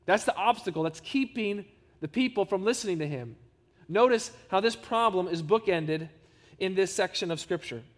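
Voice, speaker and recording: A man's voice: sits high, normal speed, few pauses, in a large hall. A man preaching a sermon as pastor. He speaks earnestly and emphatically and addresses the congregation with rhetorical questions.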